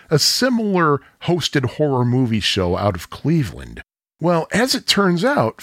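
Male podcast host from Chicago, husky, lively pitch, casual storyteller. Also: no room sound, clean studio sound. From Chicago area. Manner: chatty, self-deprecating, nostalgic.

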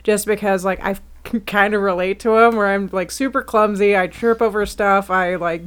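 A woman's voice: mid-range voice, steady tone, moderate pace, clean tone. A woman co-hosting a casual podcast, chatty and full of "like". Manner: chatty, fills with "like". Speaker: podcast co-host. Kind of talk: casual chat.

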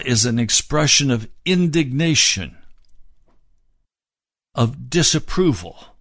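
A male preacher delivers a sermon, unpacking scripture phrase by phrase. He speaks slowly and deliberately at a middle pitch. The recording is dry and close. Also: animated, a bit bright, dry recording. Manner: expository, explaining scripture word by word.

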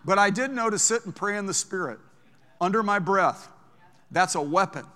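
A man preaching as a pastor, telling stories in an animated way that moves from hushed to loud. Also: high-pitched, moderate pace. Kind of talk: storytelling sermon. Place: large church sanctuary. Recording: long church hall reverb.

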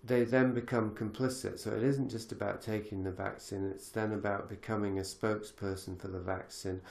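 A man's voice: lowish voice, little pitch movement, normal speed, creaky, a little mellow, reverberant. A man hosting a podcast conversation, reflective and thinking aloud with many fillers and restarts. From lives in Galicia. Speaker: podcast host.

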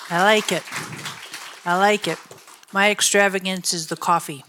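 A middle-aged woman pastor giving a sermon, telling stories in an animated way and laughing often. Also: mid-range voice, normal speed, a faint crowd, slight background noise. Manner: animated storytelling with frequent laughter.

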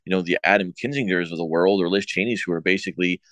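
A very deep-voiced man co-hosting a political talk show, arguing his case in stops and starts and padding his sentences with fillers and repeated words. The sound is dry and close. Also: fast talker, fairly bright tone, no room sound. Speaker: show co-host.

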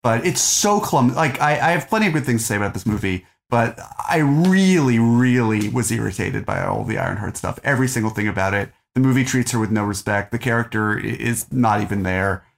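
A man's voice: mid-range voice, animated, brisk, creaky, few pauses. A man co-hosting a podcast who rambles, swears and mocks himself while discussing a film. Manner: rambling, swearing, self-mocking. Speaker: podcast co-host.

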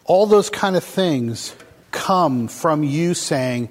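A man's voice: fairly high pitch, animated, slow pace. A man preaching a casual, conversational sermon to a congregation, asking them questions as he goes. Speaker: pastor. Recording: long hall reverb.

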